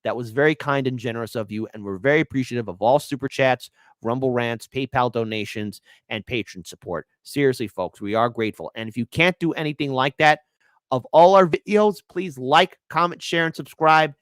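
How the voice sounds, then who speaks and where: A man's voice: mid-range voice, a little fast, dry recording, clean studio sound. A man hosting a live political commentary stream, reading out donations and mocking the clips he plays. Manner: animated, mocking, reads donations aloud. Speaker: livestream host.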